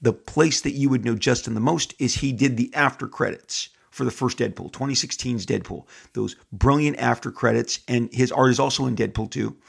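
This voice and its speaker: A man's voice: medium pitch, moderate pace, hardly any pauses. A middle-aged man hosting a podcast into a studio microphone, talking in an enthusiastic, rambling way with many restarts. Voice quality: gravelly, husky. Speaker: podcast host. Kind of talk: casual podcast monologue.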